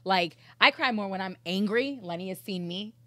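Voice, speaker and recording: A woman's voice: medium pitch, moderate pace, a bit bright, no echo. A woman co-hosting a podcast, talking frankly and casually with plenty of fillers. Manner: chatty, frank, many "like" fillers. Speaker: podcast co-host.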